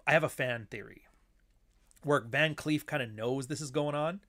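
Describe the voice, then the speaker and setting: A man's voice: medium pitch, normal speed, bright, forceful tone. A man who writes books, riffing casually on old films. He rambles, swears freely and acts out quoted lines. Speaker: author and host. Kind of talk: casual film commentary.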